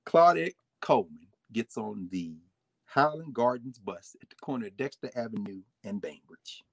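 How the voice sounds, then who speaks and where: A man giving a lively history lecture with folksy asides, swinging his volume up and down. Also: mid-range voice, measured pace, gravelly, dry recording. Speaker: history teacher. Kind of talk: lively history lecture with read-aloud quotes.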